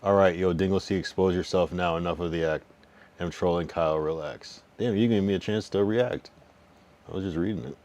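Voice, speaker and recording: This young man streams in a low, darkish voice, chatting casually and replying to his chat. He trash-talks and teases with slang and curses, rambling loosely, restarting lines and stretching out his counting.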